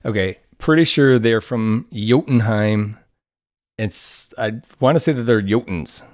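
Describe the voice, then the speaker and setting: A man co-hosts a relaxed podcast chat. He hesitates, restarts his phrases and laughs easily. His voice sounds dry and close. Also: fairly low pitch, unhurried, dry recording. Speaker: podcast co-host. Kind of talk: casual chat.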